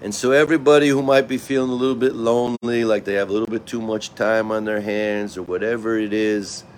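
A man telling a fable in a loose, relaxed way, repeating words as he goes. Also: lowish voice, slight background noise. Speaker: storyteller. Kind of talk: casual spoken fable.

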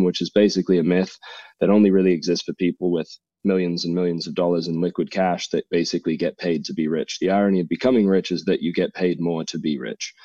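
A man's voice: sits low, mellow, no echo, lo-fi sound. A man with a mixed English and American accent, a podcast guest telling stories in a chatty, jokey way. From half English, half American. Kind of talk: casual podcast conversation.

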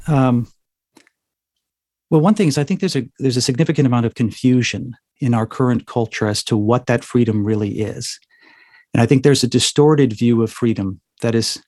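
A man's voice: medium pitch, darkish tone, dry recording, clean studio sound. A man as an interview guest, talking in a thoughtful, lecturing way and often checking in with "right?". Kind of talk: interview answer, explanatory.

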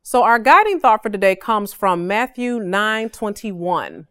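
A woman's voice: mid-range voice, sing-song, measured pace, few pauses, bright, forceful tone, clean tone, no echo, clean studio sound. A woman in her forties hosting a podcast, teaching a devotional in a casual, emphatic way and often checking in with "okay?".

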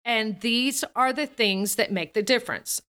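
A woman vocal coach speaks with a bright, forceful tone and a fairly high voice. She talks in an animated, expressive way and breaks into laughter often during the casual interview. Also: measured pace, slight background noise.

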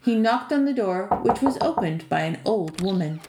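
A woman's voice: on the high side, moderate pace, gravelly, noisy background. Brief: woman podcast narrator, lilting fairy-tale delivery, roomy recording. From Canada. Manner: lilting, expressive storytelling. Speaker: storyteller and podcast author. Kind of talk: scripted fantasy narration. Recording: echoey room.

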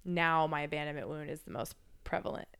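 A woman's voice: low-pitched, fairly quick, vocal fry, fairly bright tone, clear, resonant tone. A woman in casual chat as a podcast guest, speaking candidly and reflectively, swearing freely and using lots of filler words.

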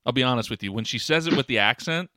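A man's voice: mid-range voice, expressive, fast, pushed and bright, no echo, clean studio sound. A man co-hosting a podcast, chatting casually and giving firm opinions while stammering and repeating words. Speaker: podcast co-host. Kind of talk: casual chat.

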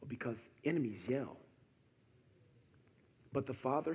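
A man preaching a sermon, animated and conversational, often dropping to softer tones for emphasis. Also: mid-range voice, measured pace, long pauses. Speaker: pastor. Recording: echoey hall with faint noise.

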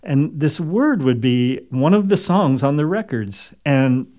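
A man being interviewed as an author, speaking in a thoughtful, measured way with frequent pauses. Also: a little high, sing-song, warm tone. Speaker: author and guest. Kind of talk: reflective interview talk.

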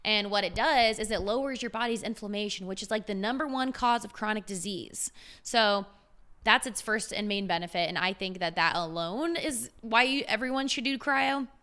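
Speaking at a normal speed in a medium-pitched, somewhat bright voice, a twenty-something woman who works as a fitness trainer chats on a casual podcast. She's enthusiastic, uses slang, and peppers her talk with "like" and other fillers.

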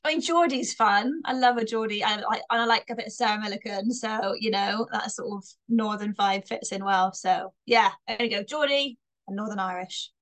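A woman's voice: medium pitch, normal speed, few pauses, a bit bright. A young woman from Bristol with a light Bristolian accent, a comedian chatting casually in an interview and laughing often. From Bristol, England. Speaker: comedian guest.

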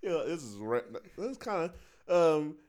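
A man's voice: on the high side, big pitch swings, normal speed, darkish tone. A man co-hosting a casual chat about movie ratings, laid-back and slangy, laughing often. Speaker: podcast co-host.

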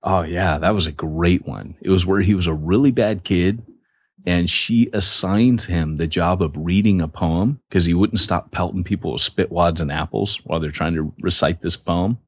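A man's voice: low-pitched, normal speed. A man co-hosting a podcast, telling rambling jokey stories in casual banter. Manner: joking, rambling storyteller. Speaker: podcast co-host.

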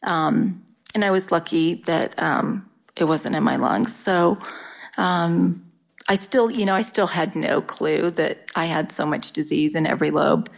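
A middle-aged woman talking candidly in an interview, halting often and restarting her sentences. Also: low-pitched, vocal fry. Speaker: guest sharing her cancer story. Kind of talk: casual interview talk.

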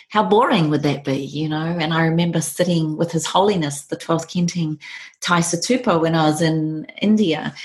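A middle-aged woman speaks in a low voice with a gravelly texture. She is an author being interviewed, talking earnestly and reflectively. She tells her stories in an unhurried, conversational way and keeps coming back to sayings she loves.

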